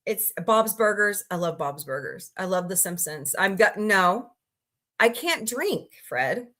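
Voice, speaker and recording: A woman's voice: medium pitch, big pitch swings, unhurried, fairly bright tone. A woman in her forties from Missouri hosting a casual livestream, chatting loosely, greeting viewers by name and reacting to the chat as she rambles from topic to topic. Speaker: livestream host.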